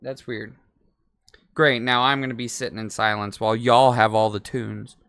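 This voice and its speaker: A man's voice: mid-range voice, flat delivery, normal speed, fairly bright tone, clean tone, no echo. A man in his twenties chatting casually while building a toy, rambling, talking to himself and swearing freely. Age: 20s. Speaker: streamer.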